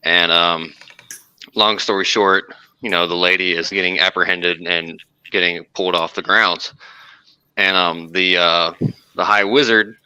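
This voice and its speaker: A man's voice: deep voice, fairly even intonation, unhurried, sharp tone, clean tone, no echo, rough recording. A man telling a long story on a casual podcast, rambling with lots of fillers and restarts. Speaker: podcast co-host.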